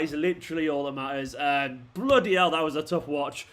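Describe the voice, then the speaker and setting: A man's voice: fairly high pitch, a little fast, few pauses, a bit bright. A young man hosting a football watchalong stream, ranting at the players on screen and swearing often. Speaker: fan channel host. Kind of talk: live football watchalong commentary.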